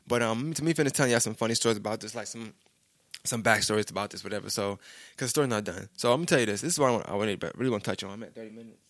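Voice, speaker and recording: A man's voice: on the low side, rapid-fire, fairly bright tone, no echo, clean studio sound. A young man, telling a personal story in a loose, rambling way and often saying "you know what I'm saying". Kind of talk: casual storytelling monologue.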